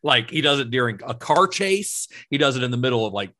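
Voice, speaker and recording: A man co-hosting a casual film podcast, relaxed and laughing often as he recounts trivia he researched. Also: mid-range voice, brisk. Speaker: podcast co-host.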